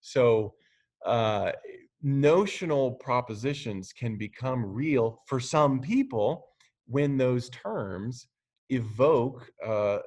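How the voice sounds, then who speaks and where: A middle-aged man delivers a recorded lecture at an ordinary, middle pitch. He talks in a relaxed, conversational way, stopping to restart phrases and tossing in a teasing aside. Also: slow.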